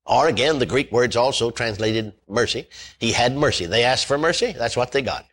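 Man, preacher, husky voice, sermon, swooping intonation, repeats key points for emphasis. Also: mid-range voice, animated, normal speed, fairly bright tone. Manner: reads scripture aloud, then expounds with emphatic repetition and hallelujahs.

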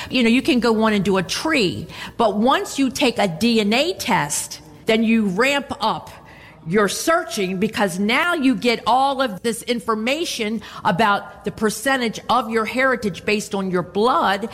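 A woman pastor preaching a sermon, expressive and punctuated with frequent amens. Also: a little high, big-room sound.

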